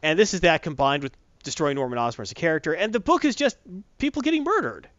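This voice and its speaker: Sarcastic male reviewer with a slightly high, animated voice, dry lo-fi recording. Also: quick pace, no echo. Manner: exasperated, sarcastic, rambling. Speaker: comic book reviewer. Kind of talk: casual opinionated review chat. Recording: dull, lo-fi, dry.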